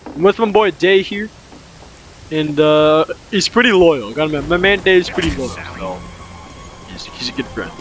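A slight hiss or hum sits under this clip of a young man commenting on his own game, his fairly high voice animated and moderately paced. The talk is loose and repetitive, punctuated by abrupt startled exclamations.

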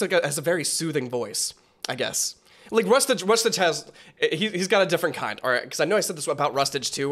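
A man's voice: fairly high pitch, a bit bright. A young man hosting a casual reaction video, rambling with lots of fillers and restarts as he thinks aloud.

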